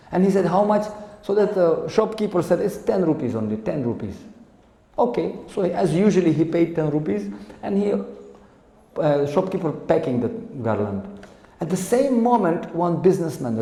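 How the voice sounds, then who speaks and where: A man's voice: a little high, dark tone. A man giving a sermon, telling stories and acting out the characters in them. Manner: acts out characters in his stories. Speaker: lecturer. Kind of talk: sermon with storytelling. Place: large temple hall. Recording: echoey hall with long reverb.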